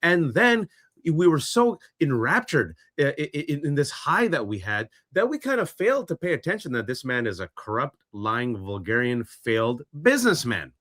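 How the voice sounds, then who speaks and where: A man delivers heated political commentary with a bright, sharp edge to his voice. His tone is sarcastic and ranting, and he sits at a middle pitch. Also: very animated, normal speed. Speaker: podcast co-host.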